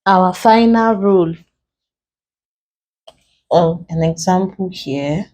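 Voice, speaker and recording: Slow, deliberate woman tutor. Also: fairly low pitch, warm tone. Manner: slow, deliberate, spells out word endings letter by letter. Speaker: English tutor. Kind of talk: exam-prep lesson.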